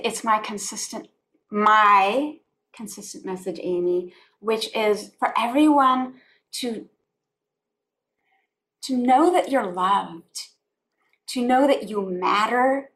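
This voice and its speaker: A woman with a fairly high voice, talking earnestly and from the heart. She often circles back and repeats her phrases as she chats on a podcast. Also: a bit bright. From United States. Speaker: guest, spiritual life coach. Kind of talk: conversational podcast interview.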